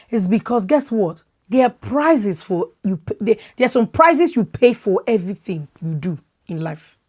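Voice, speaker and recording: A Nigerian woman in her thirties hosting a podcast, talking with strong conviction, loud and expressive, repeating words as she presses her points. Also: medium pitch. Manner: emphatic, repeats words when worked up. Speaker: podcast host. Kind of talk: impassioned opinion talk.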